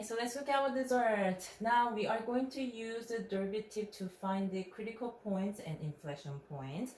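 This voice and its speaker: A woman's voice: lowish voice, a little mellow. Woman lecturing math in an echoey room. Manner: step-by-step explaining, frequent "right?" check-ins. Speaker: math instructor. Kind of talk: recorded lecture walkthrough. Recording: echoey room with faint noise.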